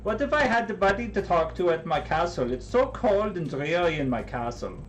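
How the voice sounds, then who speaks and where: A man's voice: high voice, sing-song, normal speed, slight background noise. A man voicing a scheming male mad scientist in a mock German accent, with a theatrical manner.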